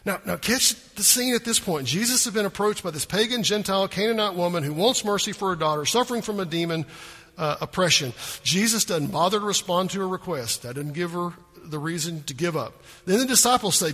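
Animated preacher man, bright and husky. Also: a little high, fairly quick, big-room sound. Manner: animated, acts out voices of people in the story. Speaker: pastor. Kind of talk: sermon.

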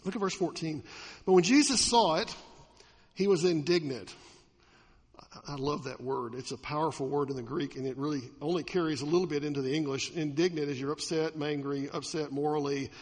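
High-voiced preaching man in a hall. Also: steady tone, quick pace, few pauses. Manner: swings between loud emphatic peaks and quiet asides; asks the audience questions. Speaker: pastor. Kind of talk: sermon.

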